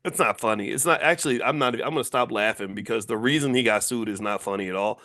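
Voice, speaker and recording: This finance educator and commentator, a man in his fifties, has a fairly low but bright voice and talks fast in a pushed, emphatic way. His casual lecture leans on repetition to drive points home, and he keeps firing rhetorical questions at listeners in a conversational style.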